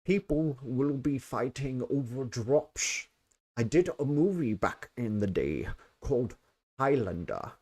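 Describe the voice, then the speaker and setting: A man putting on an impression of an older Scottish film actor, with a slow, drawn-out delivery. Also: medium pitch, animated, warm tone. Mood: grandiose. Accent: put-on Scottish.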